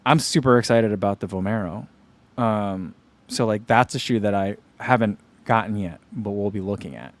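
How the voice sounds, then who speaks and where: A man's voice: fairly low pitch, moderate pace, no room sound. A man hosting a running channel, chatting casually on a livestream and answering viewer comments, rambling with lots of "like" and "you know.".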